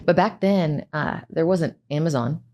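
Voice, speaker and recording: A woman's voice: deep voice, unhurried, darkish tone. A woman co-hosting a casual interview, chatty and prompting her partner with questions.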